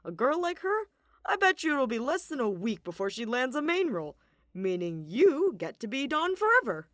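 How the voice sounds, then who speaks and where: Upbeat, booming stage manager man, read by a woman narrator, lively pitch. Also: normal speed, no echo, studio quality. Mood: cheerful. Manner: loud, upbeat. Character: cheerful hearty male stage manager, easygoing.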